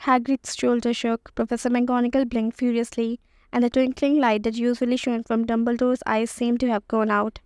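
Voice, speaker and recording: A woman narrating an audiobook in a steady, even reading voice. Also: a little high, normal speed, clean tone, dry recording. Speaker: audiobook reader.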